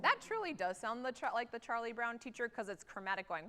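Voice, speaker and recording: A woman conducting a high school band rehearsal, energetic and singing rhythms aloud to demonstrate them. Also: a little fast, hardly any pauses. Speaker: guest conductor. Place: large theatre stage. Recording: reverberant hall.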